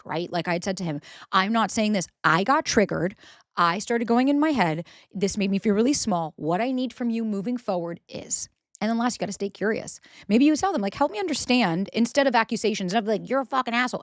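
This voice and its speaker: A woman's voice: mid-range voice, dry recording, studio quality. A woman hosting a podcast, giving blunt relationship advice in a casual monologue, swearing often and acting out quoted dialogue. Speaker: podcast host.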